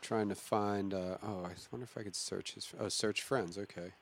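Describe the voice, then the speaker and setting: A man's voice: fairly low pitch, steady tone, moderate pace, slight background noise. A man riffing and reacting in casual podcast chat. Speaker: podcast co-host.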